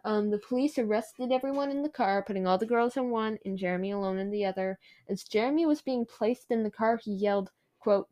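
A woman's voice: mid-range voice, a little fast, few pauses, mellow. A woman hosting a true crime podcast, telling the case in a chatty way with frequent fillers. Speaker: podcast host.

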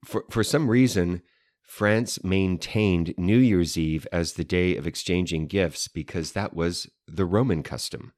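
A man's voice: low voice, unhurried, a little mellow, dry recording, clean studio sound. A man co-hosting a casual chat show, explaining history in an easy, playful way. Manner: explanatory, playful with mock French phrases. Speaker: podcast co-host.

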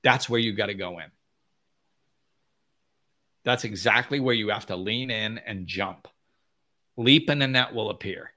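A man's voice: unhurried, pauses often, bright, forceful tone. Blunt, emphatic man giving a spiritual talk. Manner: blunt and emphatic, often acts out whiny high-pitched voices. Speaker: spiritual teacher. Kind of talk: unscripted motivational talk to an audience.

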